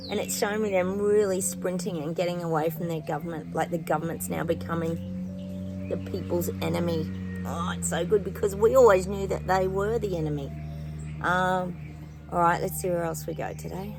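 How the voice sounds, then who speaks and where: Casual, rambling woman host with a lowish voice who talks straight to her viewers, with background music under her. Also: low-quality recording. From New Zealand. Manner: chatty, rambling, lots of fillers and asides to viewers. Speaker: psychic channel host. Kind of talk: casual spoken predictions to viewers. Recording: music playing behind.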